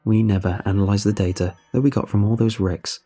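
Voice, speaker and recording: A man narrating a horror story in a measured, grave storytelling manner. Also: lowish voice, fairly even intonation, warm tone, husky.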